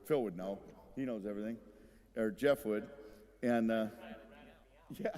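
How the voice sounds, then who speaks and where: A man's voice: fairly low pitch, a little slow, warm tone. A middle-aged man giving a rambling, humorous acceptance speech, telling stories in a folksy way and laughing at his own jokes. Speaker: hall of fame inductee giving a speech. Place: large ceremony hall. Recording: long hall reverb.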